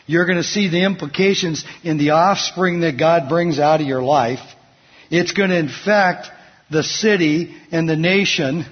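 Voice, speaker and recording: A man's voice: on the high side, unhurried, slightly rough. Man preaching in an echoing hall. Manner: asks the congregation fill-in questions. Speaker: pastor. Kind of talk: sermon. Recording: dull sound, long hall reverb.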